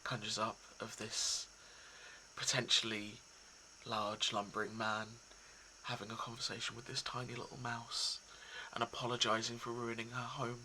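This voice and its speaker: A man talking casually and reflectively to his viewers, soft and hesitant, with many pauses and restarts. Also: medium pitch, completely flat delivery, slight background noise, rough recording. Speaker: poetry reader.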